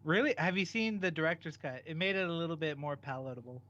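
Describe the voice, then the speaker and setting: A man's voice: fairly high pitch, fast, pushed and bright, dull audio. A man co-hosting a casual chat, answering in short, laid-back replies.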